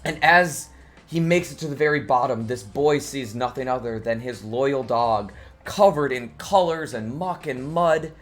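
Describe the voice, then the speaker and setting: A man, a streamer, telling an improvised bedtime story in a relaxed, rambling way, restarting phrases as he goes. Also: a little high.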